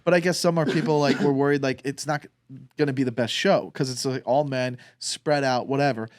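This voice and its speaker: A man, a stand-up comedian, telling stories in casual podcast chat, animated and swearing freely. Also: mid-range voice, brisk, dry recording, studio quality.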